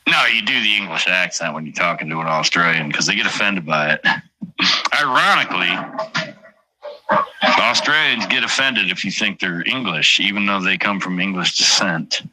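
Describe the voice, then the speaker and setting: A man's voice: low voice, expressive, moderate pace, sharp tone, a little hiss or hum. A middle-aged man hosting a livestream, rambling and swearing casually while reading out chat names. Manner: profane, rambling, reads chat aloud. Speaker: livestream host.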